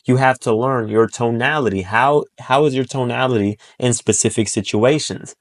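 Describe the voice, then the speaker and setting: A man delivers a motivational monologue at a middle pitch. He talks bluntly, swears freely and drives each point home by saying it again. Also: normal speed. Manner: blunt and profane, acts out short quoted voices; emphatic, repeats key points. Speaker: self-improvement speaker.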